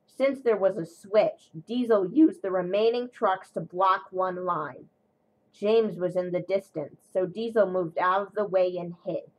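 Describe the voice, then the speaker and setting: A woman narrating a children's storybook tale in a steady, even way. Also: medium pitch, low-quality recording.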